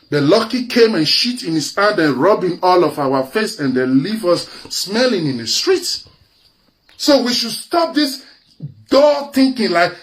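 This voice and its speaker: A man's voice: high-pitched, sing-song, a little slow. A Nigerian man with an Edo accent, delivering an impassioned, scornful live-video rant that slips into Pidgin. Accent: Nigerian, Benin (Edo). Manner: mocks others in put-on quoted voices. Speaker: social media commentator.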